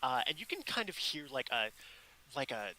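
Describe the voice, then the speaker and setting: A man narrating a tabletop role-playing game as dungeon master, unhurried and full of fillers. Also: mid-range voice, big pitch swings, sharp tone, a little hiss or hum, rough recording.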